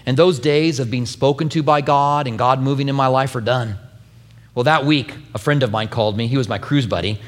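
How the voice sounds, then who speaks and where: A male pastor preaching a sermon, telling a personal story with lively, acted-out quotes. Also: mid-range voice, brisk, in a large hall. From New Mexico.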